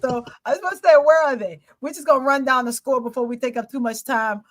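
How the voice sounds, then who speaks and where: Playful, high-voiced woman talking football. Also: quick pace. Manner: playful, teasing, laughs often. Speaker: sports show co-host. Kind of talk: casual sports chat.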